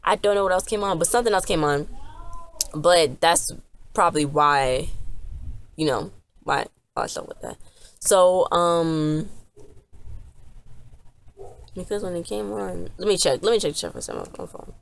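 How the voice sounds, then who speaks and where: A woman's voice: fairly low pitch, unhurried, gravelly, pauses often. A woman giving a casual, rambling recap of a TV episode, talking in a chatty way with many restarts. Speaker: TV episode reviewer.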